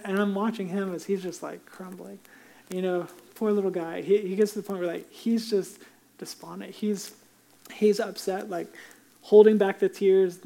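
A man's voice: sits high, dark tone. A man in his thirties preaching a sermon as pastor, talking in an earnest, conversational storytelling way.

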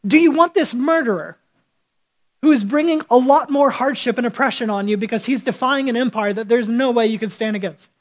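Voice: mid-range voice, a little fast, natural voice, low-quality recording. A preacher playing a middle-aged Roman governor in casual modern talk, coaxing the crowd and then taunting them. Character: Roman governor, middle-aged man, placating yet menacing.

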